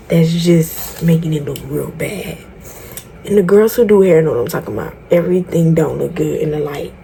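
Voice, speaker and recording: A woman's voice: deep voice, vocal fry, mellow, slight background noise. A woman vlogging a tutorial in casual chat, talking straight to her viewers, frank, exasperated and swearing freely. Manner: chatty, talks straight to viewers. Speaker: beauty vlogger.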